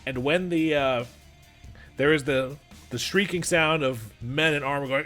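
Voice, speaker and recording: Bright-voiced male game master narrating. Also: a little high, faint music behind. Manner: halting, restarts mid-sentence while narrating.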